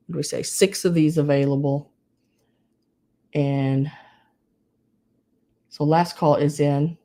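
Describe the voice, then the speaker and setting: A woman's voice: sits low, darkish tone. A woman running a live online sale, chatting casually and calling to bidders by name. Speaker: live auction seller.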